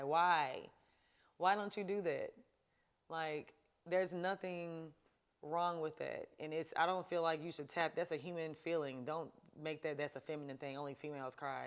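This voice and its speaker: A woman's voice: deep voice, clean tone. A woman hosting a talk show, giving chatty, emphatic advice to her viewers and laughing often. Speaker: show host. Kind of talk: casual advice talk to camera.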